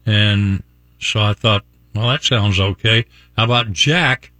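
A man's voice: lowish voice, slow, sharp tone, dry recording. An older man from Virginia hosting a morning radio show, telling a rambling story and chuckling often. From Virginia, USA. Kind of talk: chatty on-air storytelling. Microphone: studio mic.

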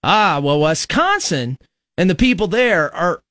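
A man's voice: high-pitched, animated, a little slow, pushed and bright, no room sound, studio quality. A male radio talk show host from Nebraska, giving a rambling, conversational political monologue full of fillers.

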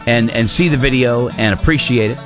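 A man's voice: medium pitch, brisk, over music. A man hosting a radio morning show, chatting playfully and joking with co-hosts. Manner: playful, joking, with many fillers and laughs. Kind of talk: casual chat.

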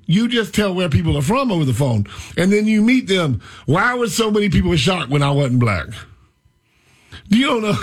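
A man hosting a radio talk show, rambling and animated as he tells stories. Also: sits high, husky. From Florida. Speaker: radio host.

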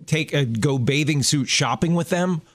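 Speaking at a moderate pace in a slightly high voice, this middle-aged man co-hosts a radio show with no echo in the recording. He tells family stories in a chatty, casual way, often breaking off and starting his sentences over.

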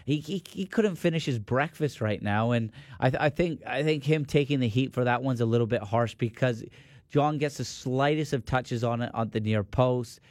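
A man's voice: mid-range voice, normal speed, a little mellow, no room sound. A man giving studio sports analysis, offering firm opinions and often restarting his sentences.

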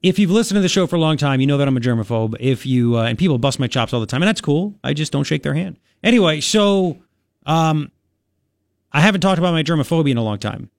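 A man's voice: fairly high pitch, lively intonation, fast talker, dry recording, clean studio sound. Chatty talk radio host, man. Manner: rambling, chatty, lots of restarts and fillers. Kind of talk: casual talk radio monologue.

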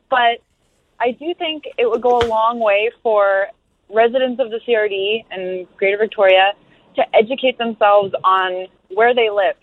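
A woman's voice: medium pitch, no echo. Woman calling in over tinny phone line. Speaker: caller. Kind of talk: calling in to a radio talk show.

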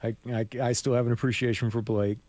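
A man's voice: mid-range voice, flat delivery, quick pace, a little mellow, no room sound. A man co-hosting a sports talk show, chatting casually with rambling asides and frequent laughs. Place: radio studio.

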